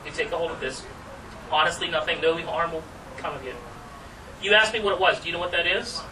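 Quick-paced and on the high side, a male magician presenter chats and teases through a live workshop demonstration with theatrical asides. A distant mic captures him along with clear background noise.

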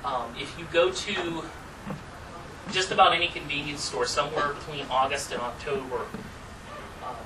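A man's voice: fairly high pitch, steady tone, moderate pace, pauses often. A man giving a casual, chatty talk to a room about performing magic, laughing at his own stories. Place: room with an audience. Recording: distant mic with background noise.

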